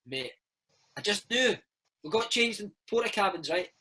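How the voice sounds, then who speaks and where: A Scottish former footballer in his thirties tells stories in a casual interview, his high voice animated, pushed, bright and slightly rough at a moderate pace. A chatty storyteller, he peppers his talk with "mate" and "man". The recording is low quality.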